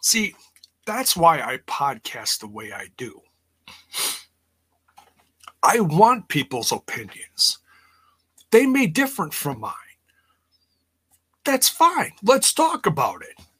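A man hosts a casual podcast with a husky, bright voice that sits a little high for a man. His delivery is lively and swoops up and down. He talks in a rambling, blunt way and swears without holding back. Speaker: podcast host. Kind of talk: casual wrestling recap.

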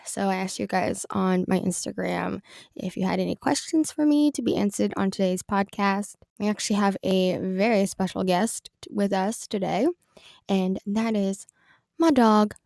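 A young woman with a slightly congested voice chats through her solo podcast, rambling and filling pauses with ums. Her tone carries a gravelly fry, and the recording sounds close and dry, as if made in a small closet. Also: medium pitch, a little mellow, no room sound. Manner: rambling, chatty, with many ums. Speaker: podcast host. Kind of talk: casual solo podcast chat.

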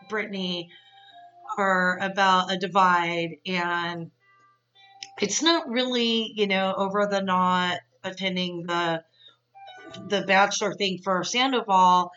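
Woman, podcast host, casual recap, chatty and opinionated, crisp bright tone, somewhat muffled lo-fi recording. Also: fairly low pitch, recorded from a distance. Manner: chatty and opinionated, many fillers.

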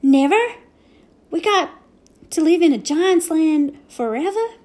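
Boone, a woman doing a gruff tiny cowboy. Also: very high-pitched, expressive, slow, darkish tone, voice pushed up, full character voice. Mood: frightened. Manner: rustic ungrammatical drawl. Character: gruff, ever-hungry tiny cowboy man, grumpy.

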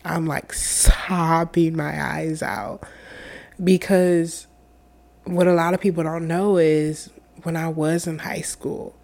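A young woman telling a personal story in an earnest, halting way, tearful and full of fillers. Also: low voice, flat delivery, creaky, darkish tone.

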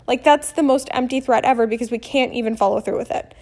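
This thirty-something mom vlogger speaks fast with few pauses, her voice a little high as she casually tells a story. Blunt and animated, she swears mildly and performs each quoted line.

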